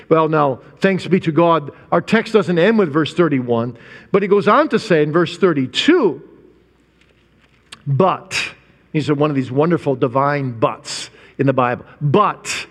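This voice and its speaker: A male preacher with a high voice delivers an emphatic sermon, leaning hard on key words and stretching them out. He fires off rhetorical questions at the congregation. His voice rings with a long reverb in a big church hall. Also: very animated, unhurried, fairly bright tone.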